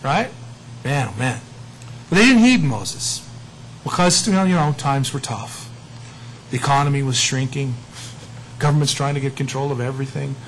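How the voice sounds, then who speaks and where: A man's voice: medium pitch, animated, moderate pace, long pauses, a little hiss or hum, low-quality recording. A middle-aged male pastor teaching the Bible in a casual, conversational and self-mocking way.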